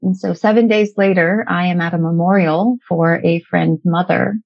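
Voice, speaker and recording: A middle-aged woman with a low, gravelly voice tells a personal story in a loose, conversational way. She often restarts phrases and slips into the words other people said to her. The recording is dry and somewhat dull, with a lo-fi sound. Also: steady tone, moderate pace, no echo. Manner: conversational, with frequent restarts and quoted dialogue. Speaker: guest sharing a personal story.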